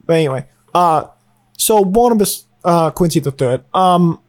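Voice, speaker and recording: A man playing a tabletop game, cracking deadpan jokes. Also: high-pitched, moderate pace. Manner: deadpan, joking. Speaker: player. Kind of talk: casual tabletop role-play.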